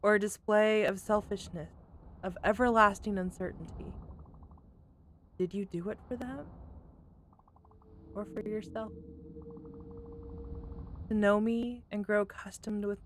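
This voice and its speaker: A woman reading aloud the lines of a gentle spirit of death from a video game, in a slow, hushed, solemn voice. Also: medium pitch, steady tone, a little hiss or hum, lightly acted.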